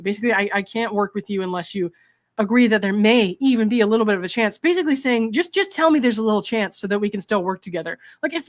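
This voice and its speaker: Indignant woman reading texts aloud. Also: a little high. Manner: indignant, exasperated reactions. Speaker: commentary channel host.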